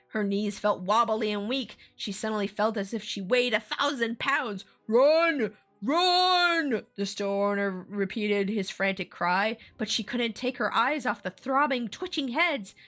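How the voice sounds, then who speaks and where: A woman's voice: medium pitch, moderate pace, hardly any pauses, fairly bright tone, soft background music. A woman streamer reading a scary children's story aloud in an ASMR stream, with playful asides.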